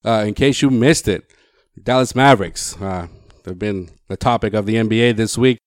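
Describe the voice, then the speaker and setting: A man co-hosting a casual sports podcast, reading out headlines and throwing in quick asides. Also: on the low side, no room sound, studio quality. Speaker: podcast co-host.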